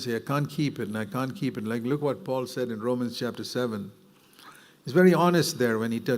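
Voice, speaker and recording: A man preaching a sermon in an earnest, conversational way, rising in pitch when he presses a point.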